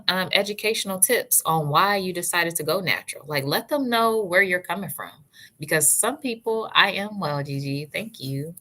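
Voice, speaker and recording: A woman giving natural hair advice in a casual livestream, breaking off to greet chat viewers by name and calling them sis and love. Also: deep voice. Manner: warm, chatty, answers live chat by name, calls viewers sis and love.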